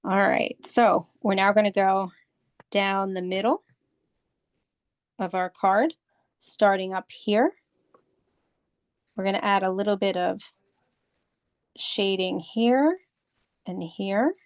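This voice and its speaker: A woman's voice: mid-range voice, slow, pauses often, clear, resonant tone, no room sound. A woman art instructor leading a step-by-step drawing lesson, patiently walking through and repeating each step. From United States.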